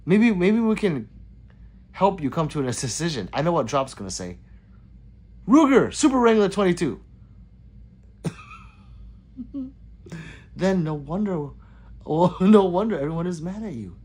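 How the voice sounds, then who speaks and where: A man's voice: on the high side, animated, measured pace, long pauses, a little mellow, slightly rough. A man hosting a casual livestream, reading viewer comments aloud and chatting back with frequent laughs. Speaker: livestream host reading chat.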